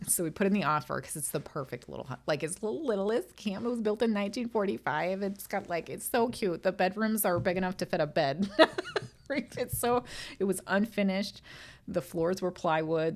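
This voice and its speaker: A woman's voice: lowish voice, normal speed. A middle-aged woman hosting her own podcast, talking candidly and emotionally with frequent swearing, close to tears. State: tearful. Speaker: podcast host. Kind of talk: casual solo podcast monologue.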